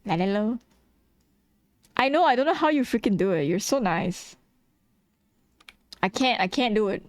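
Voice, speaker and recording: A young woman streams while drawing, chatting bluntly and casually with her viewers and laughing often. Her voice is on the high side and expressive, at a moderate pace, in a dry recording.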